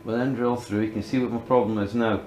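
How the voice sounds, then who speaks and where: A man's voice: mid-range voice, fairly even intonation, quick pace, reverberant, noisy background. A man filming a casual woodworking demonstration, talking himself through each step and often muttering under his breath. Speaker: DIY woodworking vlogger.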